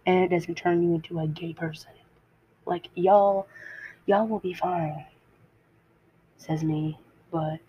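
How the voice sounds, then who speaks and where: A woman's voice: lowish voice, breathy edge. A teenage girl hosting a podcast, telling a personal story in a rambling, self-interrupting way and laughing at herself. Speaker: podcast host. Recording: dull lo-fi home mic.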